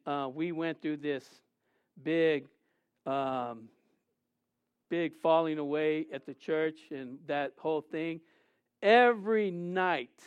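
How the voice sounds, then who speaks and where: A middle-aged man preaching a sermon as pastor, his delivery swinging between emotional, raised passages and quiet, subdued confessions. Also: fairly high pitch, clear, resonant tone, no room sound. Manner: emotional preaching with rising and falling intensity.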